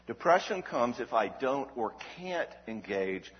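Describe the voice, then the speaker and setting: A man's voice: medium pitch, unhurried. A man giving an emphatic Christian teaching talk, asking rhetorical questions and checking in with "all right?". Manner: animated, emphatic delivery. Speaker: Christian speaker on emotional health. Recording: dull recording with long hall reverb.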